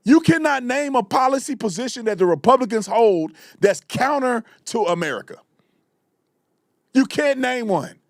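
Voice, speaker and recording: A man hosting a live commentary show, delivering a fiery, repetitive rant that sometimes breaks into shouting. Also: extremely high pitch, lively intonation, moderate pace, no room sound, studio quality. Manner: fiery, ranting, repeats himself, shouts at times. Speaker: show host. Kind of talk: heated live political commentary.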